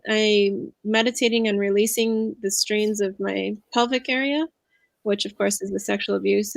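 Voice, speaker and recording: Earnest woman with a gravelly edge. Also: mid-range voice, no echo. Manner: earnest, reflective, confiding. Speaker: guest speaker, empowerment coach. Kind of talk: casual interview conversation.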